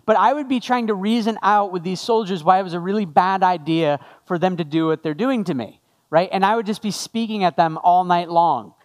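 High-voiced man preaching a sermon. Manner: conversational, asks the congregation questions. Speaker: pastor.

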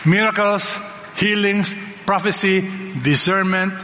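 Preaching to his congregation in a big church hall, the pastor speaks in a slightly high, fairly even and unhurried voice, leaning on emphatic repetition and rhetorical questions. Long reverb fills the space, with a faint hum and crowd noise underneath.

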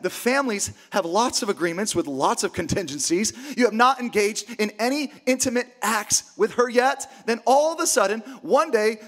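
Pastor preaching: high-voiced man, emphatic, rallying the room with questions. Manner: emphatic, energetic, rhetorical questions. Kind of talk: sermon.

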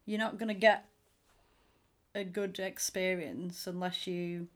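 A woman's voice: on the low side, fairly even intonation, slow pace. A woman chatting casually as a podcast co-host, retelling film scenes and anecdotes with quoted voices. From England. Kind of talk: casual chat.

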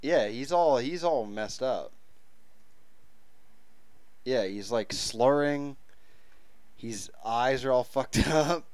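A man's voice: mid-range voice, slow pace, pauses often, darkish tone, clean tone, no echo. A man co-hosting a podcast, chatting casually with loose, crude banter. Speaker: podcast co-host. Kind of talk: casual comedic chat.

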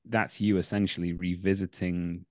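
A young man with a low voice and a Manchester accent tells backstage stories with lively energy. The recording is dry and close, with almost no room sound. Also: normal speed, dry recording. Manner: animated anecdotes, laughs mid-story. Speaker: actor and acting teacher. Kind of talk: casual podcast interview, storytelling.

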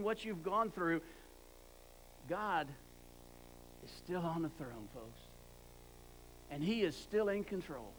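A man's voice: sits high, a little hiss or hum, rough recording. A man preaching a sermon with emphatic repetition, often stumbling and restarting words. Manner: emphatic, repeats words for stress.

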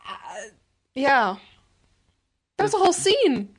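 A woman's voice: high-pitched, sing-song, slow pace, slight background noise. A woman co-hosting a podcast in casual, enthusiastic chat. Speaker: podcast co-host.

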